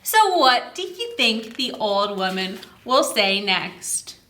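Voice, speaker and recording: Lively, bright-voiced woman reading a storybook aloud. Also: medium pitch, takes it slowly. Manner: reads to children and asks them questions. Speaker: children's librarian. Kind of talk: storytime read-aloud for children. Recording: roomy echo.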